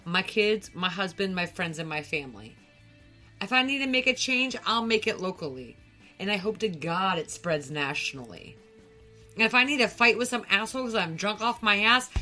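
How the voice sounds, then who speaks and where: A woman's voice: medium pitch, expressive, normal speed, pushed and bright, soft background music. A woman from the United States co-hosting a podcast, talking in a heated, profane, emphatic way. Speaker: podcast co-host. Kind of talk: angry rant on a podcast.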